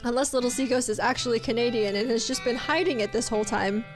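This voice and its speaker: Bubbly high-voiced woman streamer. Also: fast talker, over music. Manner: bubbly, chatty, laughs often, teasing. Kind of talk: casual live-stream chat.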